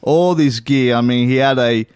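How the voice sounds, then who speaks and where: A man's voice: mid-range voice, moderate pace, darkish tone, clear, resonant tone, dry recording. Wry man, dry close sound. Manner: wry, teasing, self-deprecating. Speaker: podcast co-host. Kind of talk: casual chat.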